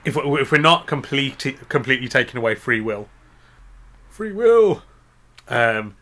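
Male co-host, bright ringing voice, jokey and giggly, loose banter. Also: mid-range voice, fairly quick. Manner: jokey, giggly, rambling wordplay. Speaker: podcast co-host. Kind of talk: casual comedic chat.

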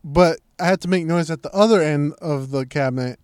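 Animated, swearing man telling a story. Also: on the high side, brisk, smooth, no room sound, studio quality. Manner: animated, acts out quotes, swears freely. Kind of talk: casual podcast chat.

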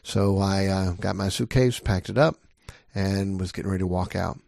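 Earnest middle-aged male pastor, low voice. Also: steady tone, moderate pace, gravelly, a little mellow, dry recording, clean studio sound. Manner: earnest, emphatic preaching with repeated rhetorical questions. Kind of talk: sermon.

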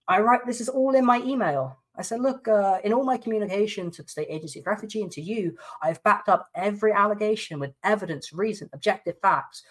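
A man's voice: high-pitched, quick pace, few pauses. A man from the UK, a podcast guest who indignantly recounts a personal dispute and reads out emails aloud.

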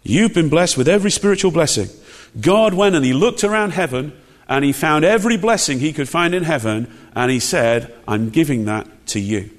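A man's voice: on the high side, expressive, fairly quick, few pauses. A man delivers a sermon in a slightly raised voice. He talks in an emphatic, conversational way and keeps asking the congregation questions. His words ring out with the long reverb of a church hall. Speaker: preacher.

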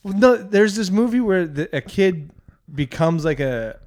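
A young man in casual podcast chat, easygoing and quick to laugh, often halting mid-sentence. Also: high-pitched, animated, darkish tone. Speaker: podcast co-host.

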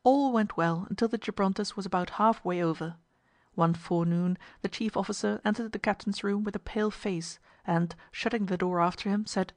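Woman reading a story out loud, steady pace, dry close mic. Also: mid-range voice, a little fast, no echo. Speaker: narrator. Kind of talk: scripted story narration.

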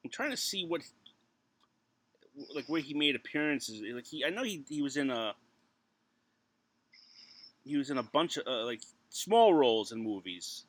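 A man's voice: mid-range voice, lively intonation, normal speed, long pauses. A man co-hosting a casual podcast chat, joking and chatty, laughing as he talks. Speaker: podcast co-host.

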